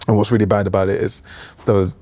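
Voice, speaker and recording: A man's voice: lowish voice, fast. Laid-back young man. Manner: relaxed, rambling, filler-heavy storytelling. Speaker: podcast co-host, new father. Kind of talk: casual chat.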